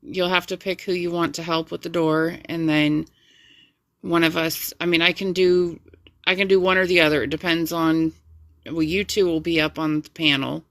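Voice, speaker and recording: A woman's voice: on the low side, little pitch movement, moderate pace, a bit bright, dry recording, studio quality. A woman co-hosting a live stream in easygoing, reassuring casual chat. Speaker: stream co-host and moderator.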